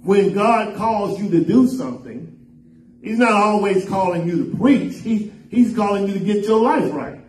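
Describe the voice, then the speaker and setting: A man preaching a sermon as pastor, swinging up and down in pitch and half-singing some phrases. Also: expressive, moderate pace. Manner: preaching with sudden rises and drops in pitch, half-sung phrases. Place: church sanctuary. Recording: echoey church room, voice from far off the mic.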